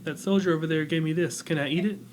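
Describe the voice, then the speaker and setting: A man's voice: on the high side, fairly even intonation, fast, a little mellow, slight background noise, lightly acted. A man voicing a proud, starving mother who speaks in a stern, clipped way. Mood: stern, bitter.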